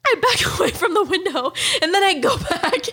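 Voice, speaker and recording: A woman's voice: very high-pitched, very animated, brisk. A young adult woman co-hosting a podcast, telling a story casually while laughing and acting out voices. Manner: laughs through her story, acts out voices. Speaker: podcast co-host.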